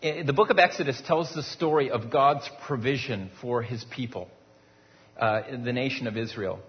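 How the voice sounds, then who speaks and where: Preaching at a moderate pace, a man at middle pitch speaks to his congregation in an easygoing, conversational way, asking rhetorical questions and frequently repeating a word as he restarts. A large church sanctuary gives his voice a long, trailing reverb, and the sound is a bit dull.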